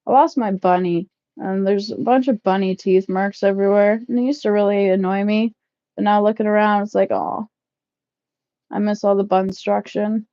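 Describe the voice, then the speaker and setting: Loud, laughing, swearing woman vlogger. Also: medium pitch, steady tone, brisk, dry recording, lo-fi sound. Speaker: livestream vlogger. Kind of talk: casual chat with live viewers. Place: shed, packing up.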